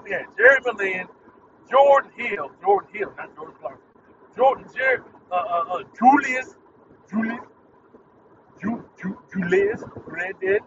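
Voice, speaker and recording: Irritated, cursing high-voiced man on a muffled mic. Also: lively intonation, a little slow, distant mic, noisy background. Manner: irritated, profane, rambling. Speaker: podcast host. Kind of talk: casual solo rant.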